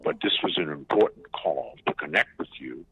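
Phone-in guest, male, deep bass, halting delivery, tinny phone line. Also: lively intonation, breathy edge, dry recording. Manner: halting, many repeated starts and fillers. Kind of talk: casual talk-show chat. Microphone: phone call. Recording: narrow phone line, dry and muffled.

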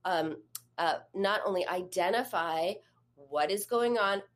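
A woman's voice: lowish voice, measured pace. A woman therapist and coach giving an advice talk, speaking conversationally and putting questions straight to the listener. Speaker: eating disorder therapist and coach.

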